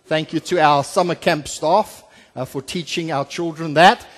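A pastor with a high voice preaches through a scripture passage, often pausing on "uh" and restarting his sentences. He moves between emphatic, louder passages and quiet, low asides. The sound carries a long church reverb. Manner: expository preaching with frequent filler "uh" and restarts; swings from emphatic to soft and low. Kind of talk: sermon. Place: church sanctuary.

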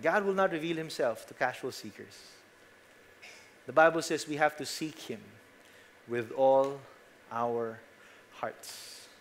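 A young man with a Filipino accent preaching a sermon earnestly, shifting emphasis and trailing off softly at the ends of phrases. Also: medium pitch, unhurried, long pauses, a little hiss or hum. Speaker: pastor.

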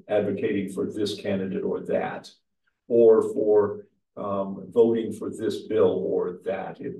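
A man who is a pastor leading an adult church class, speaking in a measured, explanatory way and putting questions to the group. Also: fairly low pitch, creaky, warm tone. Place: church meeting room. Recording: echoey room, mic far off.

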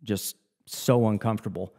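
Male podcast co-host, lowish warm tone, earnest motivational chat. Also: fairly even intonation, moderate pace, vocal fry.

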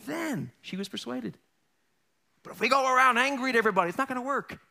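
A middle-aged male pastor delivering a sermon, high-pitched for a man and bright in tone. He preaches in an animated, joking way, swinging from loud punchlines to quiet asides and tossing in quick character impressions. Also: vocal fry.

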